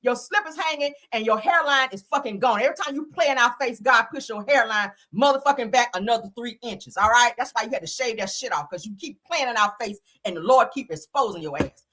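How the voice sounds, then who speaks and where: A woman's voice: a little high, brisk, few pauses, pushed and bright. Fired-up, profane woman gossip host. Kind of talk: casual gossip commentary.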